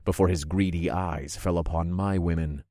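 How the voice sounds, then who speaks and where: A man narrating a story in the first person with a measured, dramatic delivery. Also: low voice, steady tone, warm tone, no echo, clean studio sound.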